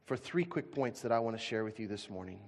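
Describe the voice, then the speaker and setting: A male pastor preaching a sermon to a congregation, emphatic and animated, swinging from loud bursts to quiet asides. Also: fairly low pitch, fast, vocal fry. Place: church sanctuary. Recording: long hall reverb.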